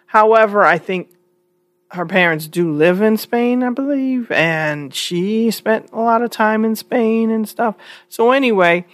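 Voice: mid-range voice, lively intonation, measured pace, no room sound. A vlogger giving casual commentary, opinionated but hedging, often restarting sentences.

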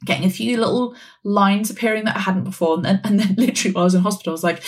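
A woman's voice: mid-range voice, fast, darkish tone. A woman around forty, hosting a wellness podcast in a chatty, rambling way with frequent laughs. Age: 40s. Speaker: podcast host. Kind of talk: casual wellness podcast chat.

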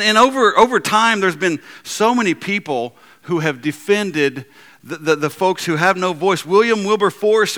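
A male pastor delivers an animated sermon, often repeating himself and starting over, his voice moving between loud, forceful lines and quiet, gentle ones.

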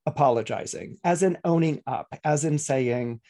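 A man's voice: a little high, normal speed, hardly any pauses, dark tone. A middle-aged man giving a weekly horoscope talk as an astrologer, chatty and full of fillers and restarts.

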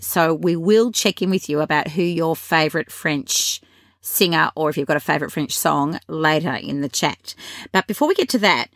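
A woman's voice: low voice, no room sound, studio quality. A woman with an Australian accent hosting a podcast, chatting and asking encouraging questions of her guest. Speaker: podcast host. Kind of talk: casual interview chat.

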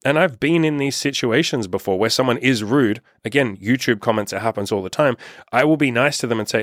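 A man's voice: mid-range voice, brisk, no echo, clean studio sound. Blunt, profane male dating coach. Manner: blunt and profane, acts out rude exchanges. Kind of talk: casual advice monologue.

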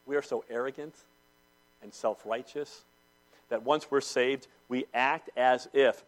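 A man preaching a sermon to a congregation in a church, swinging between loud declarations and hushed intensity. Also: medium pitch, fairly even intonation, a little slow. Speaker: pastor.

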